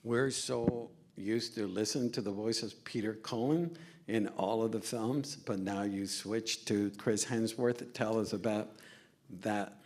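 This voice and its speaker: Low-voiced man moderating a Q&A. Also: fairly even intonation, a little slow, a little mellow. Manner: brief prompting questions. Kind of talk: festival Q&A interview. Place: theater stage, in front of an audience.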